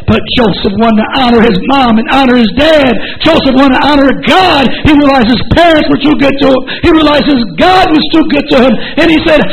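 A man preaching a sermon in a fervent, repetitive style that builds to shouting. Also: extremely high pitch, a little fast, few pauses, low-quality recording.

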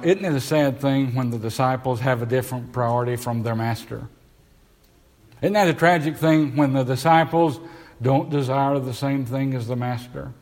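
A man's voice: medium pitch, darkish tone. Man preaching in a reverberant church. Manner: preaching with rhetorical questions, reading scripture aloud. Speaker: pastor. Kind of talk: sermon. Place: church sanctuary. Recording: live church sound with long reverb.

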